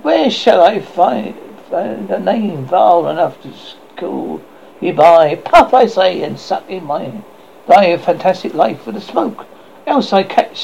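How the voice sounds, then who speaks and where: Man playing a old witch, grim, scheming, archaic speech, swooping pitch, gravelly, dull recording. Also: a little mellow, a little hiss or hum, full character voice. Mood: menacing. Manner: archaic, stern, theatrical. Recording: muffled lo-fi recording.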